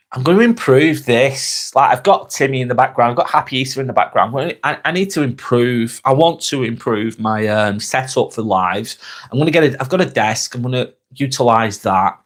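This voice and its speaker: An English man hosting a live vlog from a spare bedroom, chatting casually with viewers, rambling and repeating himself with lots of ums, on a clip-on mic. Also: medium pitch. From England. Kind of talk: casual live-stream chat reading comments. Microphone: wireless clip-on mic.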